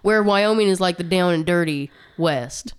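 A woman's voice: fairly low pitch, normal speed, smooth. A woman co-hosting a podcast, chatting casually and reading out statistics with asides, a little short of breath. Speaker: podcast co-host. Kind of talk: casual chat.

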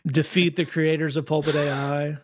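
A man with a Southern accent co-hosting a podcast, talking quickly and wryly in casual comedic chat. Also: fairly high pitch, flat delivery. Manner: quick, wry, with frequent restarts. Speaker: podcast co-host.

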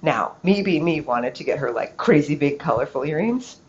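A middle-aged woman hosts her own podcast, telling a story in a chatty, animated way and filling it with "like." Her voice sits a little low. The recording is a bit dull and lo-fi, with a faint hiss behind her. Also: normal speed. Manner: chatty, animated, heavy use of "like". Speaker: podcast host. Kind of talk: casual solo storytelling podcast.

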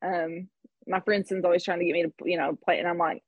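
A woman's voice: on the low side, little pitch movement, fast, slightly rough, no echo, narrow, tinny audio. A woman in her thirties telling a personal story in conversation, candid and reflective, with laughs between thoughts. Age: 30s. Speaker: guest.

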